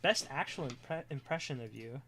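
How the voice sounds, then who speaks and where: A streamer chatting casually on a live stream, excitable and rambling, drifting into quiet mumbling while setting things up. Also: medium pitch, normal speed, slight background noise.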